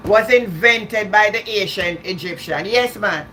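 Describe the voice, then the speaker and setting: A woman chats loosely with viewers on a livestream, restarting her sentences and laughing along the way. Her voice is bright and ringing, with a faint hiss behind it. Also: mid-range voice, measured pace, hardly any pauses. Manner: chatty, repeats and restarts words, laughs often. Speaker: livestream host. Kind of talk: casual live-stream chat.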